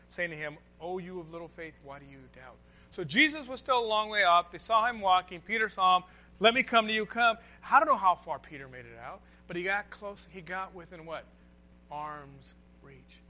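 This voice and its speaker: Bright-voiced preacher swinging loud to soft. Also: male voice, high voice, animated, normal speed. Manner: dynamic, swings from loud emphatic to soft and hushed. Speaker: pastor. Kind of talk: sermon.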